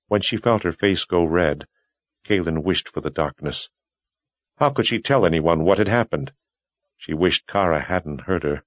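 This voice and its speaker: Deep-voiced male audiobook narrator. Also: moderate pace, dry recording. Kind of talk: scripted narration.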